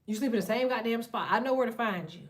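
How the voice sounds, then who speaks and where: Blunt, profane woman tarot reader, slightly high. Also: fast talker. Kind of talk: casual tarot reading monologue.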